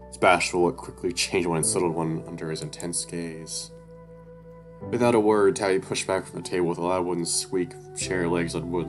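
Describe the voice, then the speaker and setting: A man with a very low voice narrating a visual novel read-through in a loose, casual way. He swears, stumbles over words and tosses in asides. Loud music runs under everything. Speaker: let's-play narrator reading a visual novel aloud.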